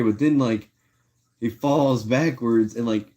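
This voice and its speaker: A man hosting a live stream in a loose, slangy way, addressing his viewers directly as he goes. His voice sits at an ordinary mid pitch, neither deep nor high. He speaks the way people talk among friends. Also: takes it slowly, warm tone. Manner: slangy and laid-back, talks to chat. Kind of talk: casual livestream chat.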